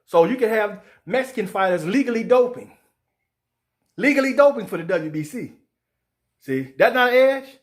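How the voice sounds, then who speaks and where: A fired-up man rants about boxing, swearing freely. His voice sits high for a man. He keeps slipping into mocking put-on voices for the people he quotes. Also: normal speed, pauses often. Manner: profane, animated, acts out quoted voices. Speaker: sports show host. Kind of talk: heated boxing commentary rant.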